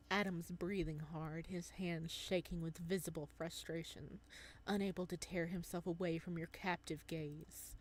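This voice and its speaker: A woman reading a visual novel aloud as she plays, with giggly, excited reactions between passages. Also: on the low side, unhurried, slight background noise. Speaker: gamer.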